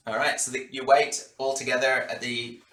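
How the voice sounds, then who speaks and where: A man in the dungeon master's seat, narrating scenes and calling for dice checks. His tone is bright and forward, mid-pitched. The room around him has a clear echo. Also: flat delivery, moderate pace. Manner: descriptive narration with fillers. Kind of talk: narrating a tabletop game. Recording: roomy room sound.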